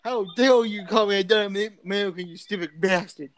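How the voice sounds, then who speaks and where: A man's voice: sits high, fairly even intonation, measured pace, a bit bright, smooth, no echo, rough recording. A man playing an angry, swearing trailer owner in an improvised comedy skit. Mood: furious. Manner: blustering, swearing. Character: angry cursing man defending his trailer.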